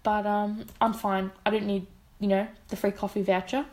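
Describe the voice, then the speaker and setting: A woman's voice: medium pitch, normal speed. A young woman in her twenties with an Australian accent, co-hosting a casual podcast chat and acting out the voices in her stories. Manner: animated storyteller who acts out quoted voices. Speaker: podcast co-host.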